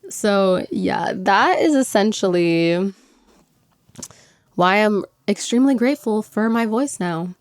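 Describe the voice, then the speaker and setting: A woman's voice: mid-range voice, lively intonation, takes it slowly, dry recording, studio quality. A young woman hosting a podcast in casual chat, talking freely with many "like"s and frequent laughs, still recovering from an illness. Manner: chatty, lots of "like", laughs often. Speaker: podcast host.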